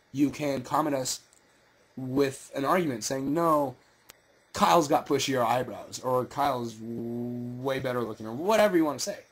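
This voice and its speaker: Husky teenage boy telling a story. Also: mid-range voice. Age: teens. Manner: storytelling, mocking. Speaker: co-host. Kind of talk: casual chat.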